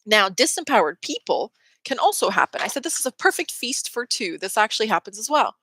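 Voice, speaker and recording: Bright, opinionated woman host. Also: on the high side, big pitch swings, brisk, breathy edge, low-quality recording. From Canada. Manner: opinionated, quotes people in mocking voices. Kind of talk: casual spiritual talk.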